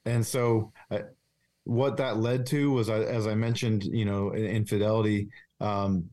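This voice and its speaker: A man with a somewhat low voice speaks as a guest in a candid interview. His delivery is earnest and confessional. He halts often, restarting phrases and leaning on fillers. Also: fairly even intonation, dark tone. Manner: halting, with many restarts and fillers. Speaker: police officer, podcast guest.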